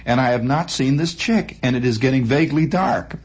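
A man hosting a radio show, telling a long personal story in a dramatic, animated monologue. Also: brisk, husky. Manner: animated, dramatic, swooping into high voices. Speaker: radio host.

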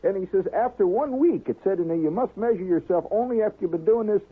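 A man's voice: high-pitched, lively intonation, fast, husky. A man telling a long comic story in a rambling way, peppered with "you know" and "see?", as a radio storyteller. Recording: tinny old radio broadcast.

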